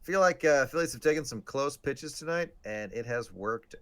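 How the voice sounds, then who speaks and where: A man's voice: mid-range voice, animated, moderate pace, a bit bright, clean tone. A man co-hosting a casual live stream, joking and sarcastic as he talks through a game. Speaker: podcast co-host. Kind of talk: casual live-stream chat about baseball.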